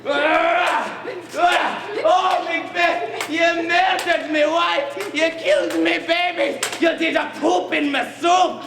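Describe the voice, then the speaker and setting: A man acting a blustering male Scottish warrior on a live stage, shouting in a put-on gruff Scottish brogue. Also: very high voice, steady tone, slow, few pauses, crowd noise, noisy background, pitched above the performer's own voice, exaggerated voice. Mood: wailing. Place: theater stage. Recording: roomy live stage with audience.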